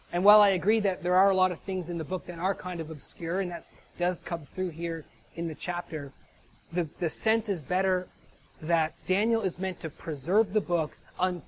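An American man delivers a conversational sermon in a high-pitched voice, chatty in manner and frequently checking in with a rhetorical "right?" The audio is poor, with a little hiss or hum.

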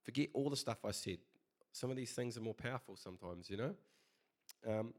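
A man's voice: mid-range voice, a little fast, long pauses. A man preaching a casual sermon, chatty and conversational, telling a story with many fillers.

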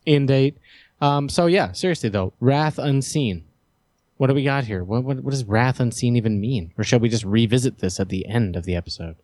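A man's voice: mid-range voice, fairly quick, darkish tone, no room sound, clean studio sound. Mock-stern man hosting a podcast. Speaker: podcast host. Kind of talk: casual chat.

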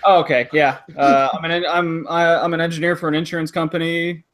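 An engineer who runs a retro gaming channel, guesting on a podcast and teasing the others in a joking way. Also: male voice, fairly high pitch, level tone, fairly quick, fairly bright tone. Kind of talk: casual podcast chat.

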